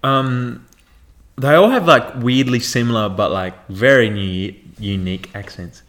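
A man's voice: medium pitch, unhurried, a bit bright. A young man chatting casually as a podcast co-host, rambling and leaning on filler words. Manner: rambling, leans on "like". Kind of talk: casual chat.

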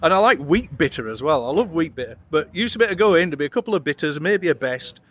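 Middle-aged Yorkshire man, rapid casual chatter, blunt and sweary. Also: on the high side, expressive, fairly bright tone. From England. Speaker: metal band guitarist, interviewee. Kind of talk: casual chat.

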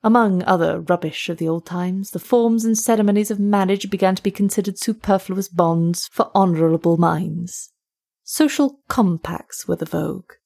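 A woman who narrates a short story and hosts the show, reading in a measured, even way. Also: fairly low pitch, creaky. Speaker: narrator and host.

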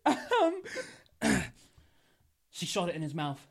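A man's voice: high-pitched, huge pitch swings, takes it slowly. A young man, co-hosting a podcast, rambling and giggling as he makes up a silly story. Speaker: podcast co-host. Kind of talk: casual podcast chat, improvised storytelling.

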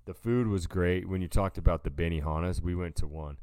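This podcast co-host has a low, slightly mellow voice and talks fairly quickly, recorded in studio quality with no room sound. He's laid-back, spinning a rambling story and saying "dude" to his listener again and again.

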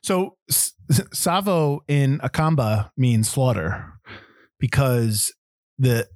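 A man's voice: medium pitch, animated, slow, no echo, clean studio sound. A man co-hosting a casual movie podcast, talking in loose, agreeable stretches and often restarting his sentences. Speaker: podcast co-host.

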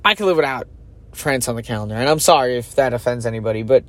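A man's voice: medium pitch, quick pace. A man hosting a podcast, giving casual solo commentary in a chatty, opinionated way and thinking aloud with fillers. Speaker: podcast host.

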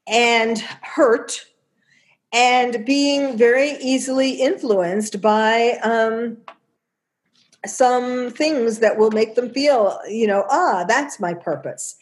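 A woman with a New York accent giving casual spoken commentary, chatty, with many fillers and restarts. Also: fairly high pitch.

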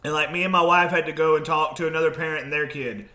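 A man in his thirties trades blunt wisecracks as a podcast co-host, his voice pitched high and sharp. The recording carries a roomy echo around him. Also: steady tone, fast talker. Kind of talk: casual chat.

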